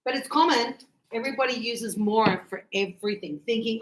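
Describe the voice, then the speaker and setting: A woman teaching English in a live class, chatty and animated, acting out little dialogues as she explains. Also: a little high, brisk, echoey room, poor audio.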